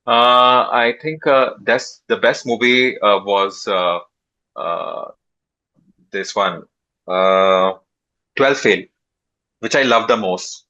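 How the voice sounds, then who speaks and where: A man answers interview questions, his lowish voice carrying a sharp, forceful edge. He speaks haltingly with frequent pauses. The recording sounds muffled and lo-fi. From India. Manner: halting, pauses often with drawn-out fillers. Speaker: startup founder, interview guest.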